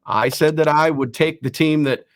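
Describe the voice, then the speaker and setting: A man hosting a casual sports talk show, rattling off rankings quickly with self-deprecating asides. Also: on the high side, steady tone, no echo. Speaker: host.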